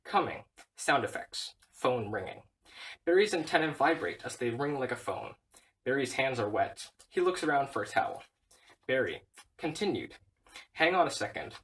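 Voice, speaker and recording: A man reading a whole film script aloud, stage directions included, in a flat, steady way. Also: medium pitch, moderate pace, far from the mic, low-quality recording. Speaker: reader.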